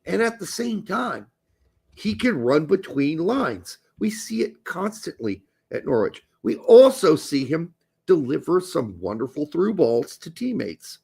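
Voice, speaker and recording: A man's voice: on the high side, very animated, a little slow, vocal fry, warm tone, breathy edge. A man co-hosting a casual soccer podcast, blunt and crude, talking emphatically. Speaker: podcast co-host.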